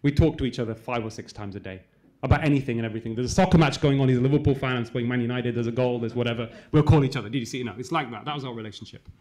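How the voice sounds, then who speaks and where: A man from England, a cardiologist, telling a personal story to a live audience in a fast, conversational way, dropping to a hushed voice in the sad parts. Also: medium pitch. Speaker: cardiologist speaker. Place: conference hall.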